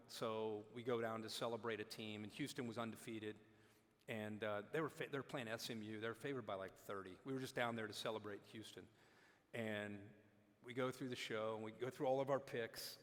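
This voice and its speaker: Animated man telling stories in a reverberant hall. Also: mid-range voice. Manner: animated, acts out quotes. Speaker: guest speaker. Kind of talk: storytelling on stage. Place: large hall at a dinner event.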